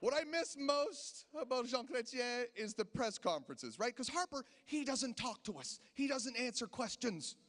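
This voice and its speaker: A man's voice: very high-pitched, sing-song, moderate pace, hardly any pauses, a bit bright, big-room sound. A man in his thirties doing a chatty stand-up set in a casino, telling stories and acting out the people in them. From Canada. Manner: chatty storytelling, acts out quoted voices. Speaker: stand-up comedian. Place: casino stage.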